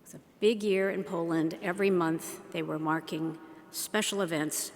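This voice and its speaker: A woman giving an unhurried, teacherly talk to an audience, asking them questions as she goes. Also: on the low side, fairly even intonation. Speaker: speaker. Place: large shrine hall. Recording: long hall reverb.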